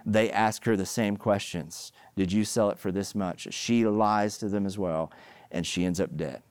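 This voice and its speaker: A middle-aged male pastor preaching a sermon, telling stories with animated, emphatic delivery that climbs to loud peaks. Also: lowish voice, a little slow, dry recording.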